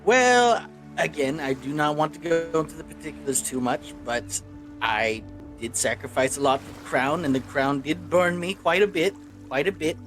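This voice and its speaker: A man's voice: fairly high pitch, normal speed, fairly bright tone, soft background music, natural voice. A man voicing a disgraced male knight who speaks in a formal, guarded way.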